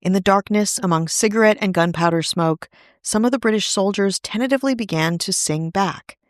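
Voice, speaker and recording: A woman narrates a history story for a podcast in a scripted read, dropping in conversational asides. Her pitch sits at a middle level, and the studio sound is very dry and close. The delivery is steady, plain storytelling. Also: a little fast, no room sound. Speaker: podcast host.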